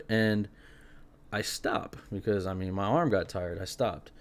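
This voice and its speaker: A young man hosting a podcast, telling a spooky personal story in an animated, casual way, full of fillers. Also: on the low side, normal speed. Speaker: podcast host.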